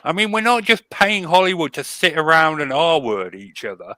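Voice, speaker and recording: A man rants sardonically while co-hosting a casual podcast. His voice is bright and tense at a middling pitch. The sound is dry, with no room to it. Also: lively intonation, normal speed, no room sound. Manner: sardonic, ranting. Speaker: podcast co-host. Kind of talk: casual chat.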